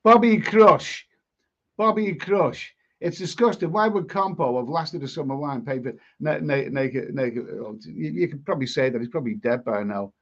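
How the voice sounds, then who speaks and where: An English man with a fairly high, fairly bright voice hosts a casual live stream at normal speed. He reads chat messages out and gives blunt opinions, often repeating himself and restarting. The stream audio is dull and lo-fi.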